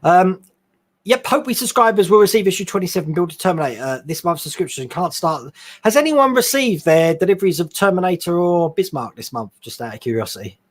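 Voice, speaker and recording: A man with a fairly high voice hosts a live stream, chatting casually about his hobby. He reads viewer questions off the screen and answers them in a loose, friendly ramble, laughing often. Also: animated, brisk. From England. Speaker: host of a scale modelling live stream.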